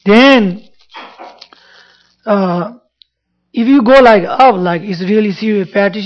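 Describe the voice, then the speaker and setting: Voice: medium pitch, takes it slowly, pauses often. A Buddhist teacher giving a dharma talk in broken English, repeating phrases and checking in with the audience. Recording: dull lo-fi recording.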